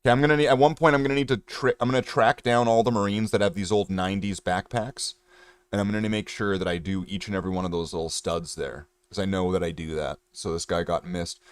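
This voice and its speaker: Low-pitched and smooth, this Canadian streamer talks fast in a steady tone with no echo. He paints miniatures on a casual livestream, rambling and cracking jokes with his chat.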